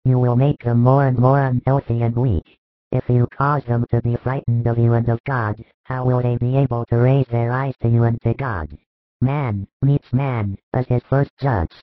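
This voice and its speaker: A man plays a calm, patient spiritual master giving measured instruction in a religious audio drama, his voice at an ordinary male pitch and close to an everyday speaking voice. The recording is thin, tinny, phone-like and dry, with no echo.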